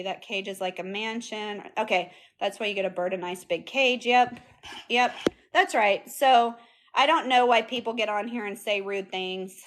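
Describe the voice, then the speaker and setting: A woman's voice: mid-range voice, background noise. A woman chatting casually on a phone livestream and answering viewers' comments aloud. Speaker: vlogger answering live chat. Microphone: phone camera.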